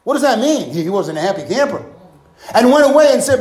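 A man's voice: very high voice, expressive, normal speed, darkish tone, reverberant, poor audio. A man preaching a sermon with bursts of exclamations and rhetorical questions.

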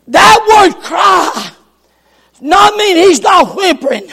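A man with a strikingly high voice preaches a sermon at a slow, deliberate pace. He shouts in impassioned bursts and repeats key phrases for emphasis. His voice rings through an echoey church hall with a long reverb. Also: very animated, vocal fry.

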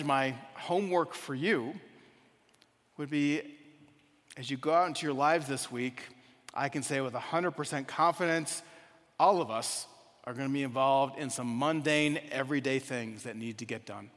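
A man's voice: medium pitch, unhurried, a bit bright, big-room sound. A man giving a sermon as a rabbi, telling a story and then reflecting on it earnestly.

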